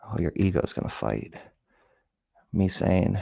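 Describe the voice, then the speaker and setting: A man with a low, gravelly voice talks his way through picking a lock, dropping to mutters and whispers aimed at the pins and swearing when they fight back. The sound is dry and close with no room around it. The audio is a little dull and lo-fi, like a basic camera mic. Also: animated, unhurried, a little mellow, dry recording. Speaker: hobbyist lock picker. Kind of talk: casual talk-along while lock picking.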